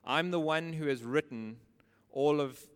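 A man's voice: fairly high pitch, a little slow, smooth. A man preaching a sermon with emphasis, posing rhetorical questions and repeating key phrases. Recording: long reverb of a large hall.

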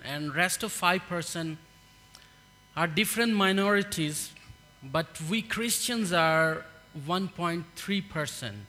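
A man from Pakistan with a Pakistani accent, giving an earnest, halting testimony in a church. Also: high voice, sharp tone, in a large hall. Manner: earnest, halting, with many fillers. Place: church hall.

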